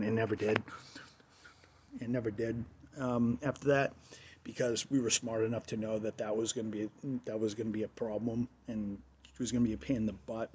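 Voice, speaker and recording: A husky-voiced man hosting a radio talk show, telling a story casually and loosely. He circles back on his own phrases, piling up ums and "and stuff like that." His pitch sits in an ordinary middle range. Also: normal speed, darkish tone. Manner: rambling, repeats phrases, many fillers.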